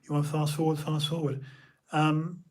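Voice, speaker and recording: A young man from the UK, streaming an emotional personal monologue, halting and repeating his words as he talks. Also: on the high side, completely flat delivery, darkish tone.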